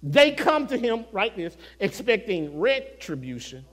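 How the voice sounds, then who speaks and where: High-voiced preacher shouting in a reverberant hall. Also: male voice, sing-song. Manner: swings from soft, slow murmurs to shouted climaxes; call-and-response preaching, addresses congregation directly. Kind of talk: sermon. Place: church sanctuary.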